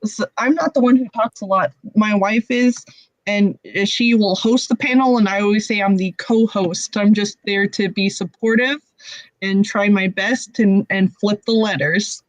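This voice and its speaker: Female con guest, hesitant, medium pitch, muffled lo-fi audio. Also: steady tone, measured pace, no echo. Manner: hesitant, soft-spoken, many fillers. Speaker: convention entertainer guest. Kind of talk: casual interview chat. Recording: dull lo-fi audio.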